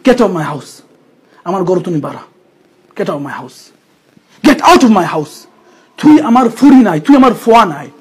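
A man's voice: a little high, expressive, quick pace, long pauses, husky. A man putting on a furious scolding parent. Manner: shouting, repeating threats. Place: mosque gathering.

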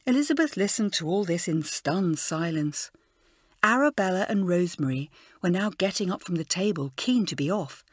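A woman narrating a children's storybook in an expressive, animated way. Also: lowish voice, moderate pace, slightly rough, no room sound, studio quality. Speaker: audiobook narrator.

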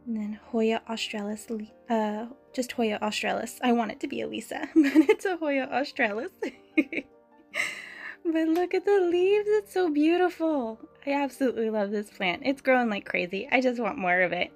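Young woman, casual vlog chat, giggly, slightly high voice, faint music behind. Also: moderate pace, vocal fry. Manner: chatty and giggly, frequent small laughs. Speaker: plant vlogger. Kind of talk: casual DIY vlog narration.

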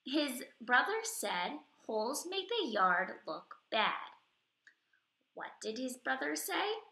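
A woman teaching first grade, reading a story and leading phonics with slow, clear, drawn-out words and questions for the children. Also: high-pitched, sing-song, bright, forceful tone, roomy sound. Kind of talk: recorded reading and phonics lesson.

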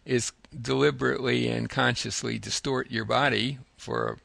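A man hosting an interview, speaking in a measured way that sums up points, with some hesitation. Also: medium pitch, steady tone, vocal fry, bright, forceful tone, no room sound. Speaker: interview host. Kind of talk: conversational interview.

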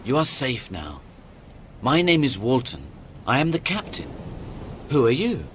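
An actor playing a calm, careful ship captain in an audio drama, asking measured questions. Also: male voice, medium pitch, noisy background. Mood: steady. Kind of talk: radio drama acting.

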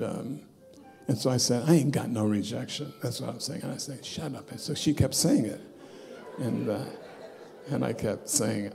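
A bishop preaching a testimony sermon in a church, his voice gravelly and warm. He moves from loud, driving bursts down to soft, hushed asides as he tells his story, with faint music underneath. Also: mid-range voice. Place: church sanctuary.

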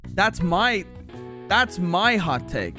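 A man's voice: high voice, slow. An Irish man reacting to viewer opinions on a gaming channel, exasperated, swearing and ranting, with faint music behind him. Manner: exasperated, profane and animated. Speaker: gaming YouTuber.

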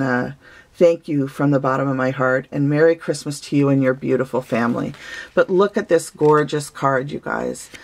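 A woman opening handmade gifts on her craft vlog, gushing and sentimental, with many fillers. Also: low voice. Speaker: craft vlogger. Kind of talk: casual gift-opening vlog.

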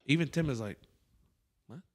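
A man's voice: medium pitch, normal speed. A man hosting a comedy podcast, telling a story in a casual, profane way and acting out other people's quotes as he goes. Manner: profane, animated anecdote-telling with acted-out quotes. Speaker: comedian host.

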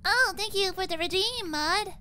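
A woman's voice: very high voice, moderate pace, bright, forceful tone, slight background noise. A woman streaming a game with friends, joking around in casual chat and sometimes dropping to a murmur. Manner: playful, jokey, sometimes drops to a murmur.

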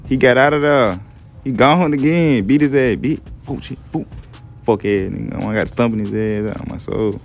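A man's voice: medium pitch, normal speed, creaky, soft background music. A young man casually narrating a game story in heavy slang, laid-back and profane, often asking "you feel me". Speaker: gameplay storyteller.

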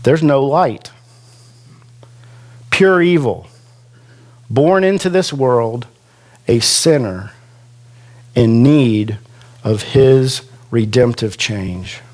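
This medium-pitched man preaches as pastor in a church classroom, keeping things slow, conversational and self-deprecating. When quoting scripture, he slows down and lingers over the words for emphasis.

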